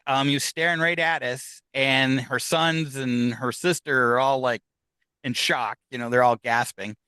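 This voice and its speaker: A man tells of his ghost hunts in an easy conversational way, his tone bright and ringing. The sound is close and dry, with no room around it. He acts out the lines of the people in his stories. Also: mid-range voice, no room sound, rough recording. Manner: animated anecdotes, acts out quoted dialogue. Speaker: guest, paranormal investigator. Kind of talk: casual storytelling interview.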